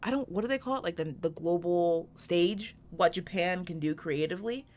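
An American woman in her twenties giving rambling, fast, swear-filled commentary while playing a video game. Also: lowish voice, darkish tone. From United States. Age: 20s. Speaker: gaming streamer. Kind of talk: casual gameplay commentary.

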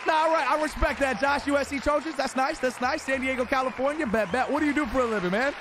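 Young guy streaming a football game, high voice, loud stadium crowd and noise behind him, hyping up chat. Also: fast. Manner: hyped, shouting out viewers, teasing. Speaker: live streamer playing a football video game. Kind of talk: casual livestream chat, reading chat aloud. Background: game stadium crowd and commentary.

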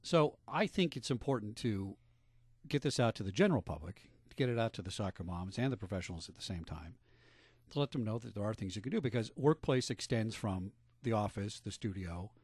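A man's voice: lowish voice, expressive, fairly quick, darkish tone, breathy edge, no room sound, clean studio sound. A man hosting a radio talk show, chatting casually and joking, with many fillers.

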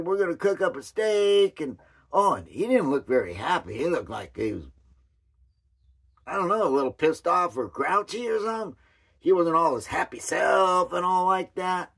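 A man rambling through a casual commentary vlog with a hoarse voice, often losing his train of thought. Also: high voice, a bit bright. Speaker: commentary vlogger.

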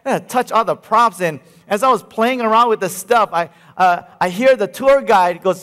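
A man's voice: high voice, moderate pace, few pauses, fairly bright tone. A man preaching a sermon in a playful, storytelling way, with a Hawaiian-tinged accent and many fillers. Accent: Hawaiian Pidgin-tinged English. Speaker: pastor. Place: large church hall. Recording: reverberant church hall.

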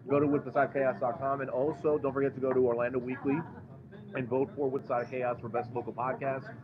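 An excitable man hosting a live food taste test in a restaurant, gushing and tripping over his words. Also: mid-range voice, fast talker, crowd noise. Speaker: podcast host doing a live food review. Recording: muffled live stream with background noise.

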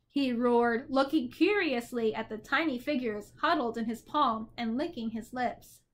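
A woman reading a children's novel aloud with expressive storytelling. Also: fairly high pitch, measured pace, hardly any pauses. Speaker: narrator.

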